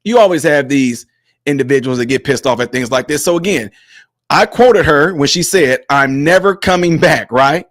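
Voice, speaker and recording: A man's voice: medium pitch, lively intonation, moderate pace, no room sound, clean studio sound. A man hosting a commentary vlog, combative and mocking, speaking straight to his viewers. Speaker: host.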